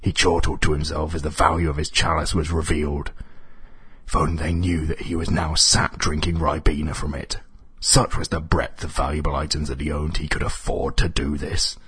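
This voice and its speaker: A man narrating an absurd comic story in a deadpan, dry manner. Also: a bass voice, normal speed, husky, dry recording.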